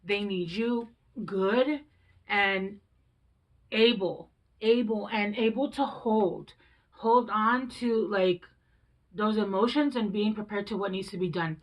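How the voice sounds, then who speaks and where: A woman's voice: mid-range voice, poor audio. A woman in her thirties reading tarot in a loose, chatty way. She swears without a second thought and keeps coming back to a reassuring, coaching tone aimed at her listeners. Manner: candid, conversational, swears freely. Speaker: tarot reader.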